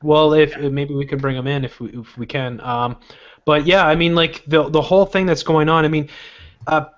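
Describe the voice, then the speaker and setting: Male podcast host with a slightly high voice, emphatic and profane, on a muffled lo-fi recording. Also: steady tone, moderate pace. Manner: emphatic, swears, many fillers. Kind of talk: casual chat.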